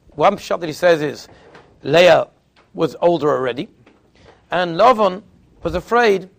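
A man giving a Torah class as a rabbi, telling stories and acting out the people he quotes, often repeating and restarting phrases. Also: vocal fry. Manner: storytelling, acting out quoted speakers with sudden pitch jumps.

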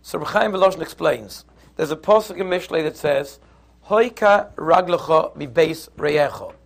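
A man teaching a Torah class, lively and conversational, who acts out little scenes in voices. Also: on the high side, moderate pace, gravelly. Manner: animated, acts out the quarrel in put-on voices.

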